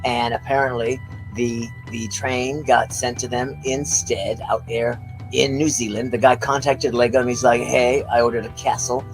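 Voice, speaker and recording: A man's voice: medium pitch, a little slow, faint music behind, poor audio. A man co-hosting a casual livestream, telling a long story full of fillers and asides. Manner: rambling, animated storytelling with lots of fillers. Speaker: co-host.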